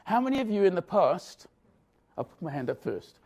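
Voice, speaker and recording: Guy giving a leadership talk, high voice, a bit gravelly, keeps asking the crowd stuff. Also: sing-song, moderate pace, a little mellow. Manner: engaging, asks the audience questions. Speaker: leadership professor presenting a session. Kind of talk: lively lecture to a live audience. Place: conference room.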